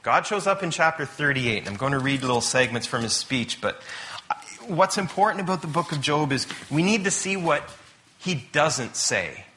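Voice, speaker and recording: A preacher delivers a casual sermon in a bright, forceful voice. He talks conversationally and drops in chatty asides. His voice sits a touch high for a man. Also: expressive, moderate pace.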